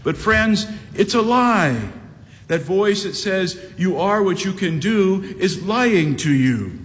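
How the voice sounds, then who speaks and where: A man in his sixties delivers a sermon with emphatic, deliberate phrasing, stretching his key refrains slowly. His voice sits a little high for a man. The sound carries a long reverb tail over a faint low rumble. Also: expressive, a bit bright. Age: 60s. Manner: emphatic preaching with slow drawn-out repeated refrains. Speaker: pastor.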